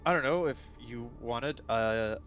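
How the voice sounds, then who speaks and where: A man's voice: medium pitch, unhurried, lo-fi sound, soft background music. A man voicing a large, nervous, smitten male private military guard who stammers and hesitates. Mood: eager. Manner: stammering, hesitant, soft-spoken.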